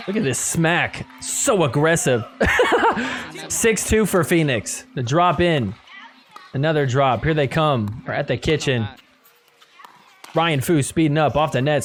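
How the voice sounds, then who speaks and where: A man with a notably high-pitched voice hosts a sports podcast and walks through match highlights in a relaxed play-by-play. He chuckles often as he talks and drops into quick imitations of the players. Faint music plays softly behind him. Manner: impersonates players in quick asides. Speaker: podcast host. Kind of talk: casual play-by-play recap.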